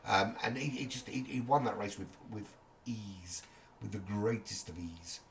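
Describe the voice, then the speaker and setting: A man's voice: lowish voice, normal speed, slight background noise. A man with a sore throat giving rambling, jokey, casually sweary live commentary on an online racing league. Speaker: race commentator.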